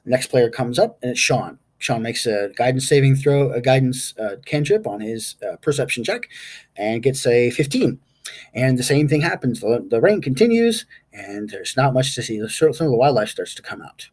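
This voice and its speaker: Male game master, husky and animated, casual rambling session recap. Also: medium pitch, moderate pace. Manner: rambling, stops to recall names aloud.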